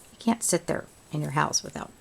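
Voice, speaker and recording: A woman's voice: low voice, fairly quick, creaky, heavy background noise. A woman hosting a home craft tutorial, chatting casually and thinking aloud as she works. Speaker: crafting video host.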